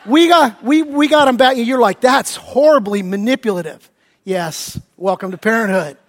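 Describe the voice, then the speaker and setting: Brief: middle-aged man, pastor, animated sermon storyteller, high pitch, long church reverb. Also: moderate pace. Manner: animated storytelling, acting out his family's voices. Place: church sanctuary.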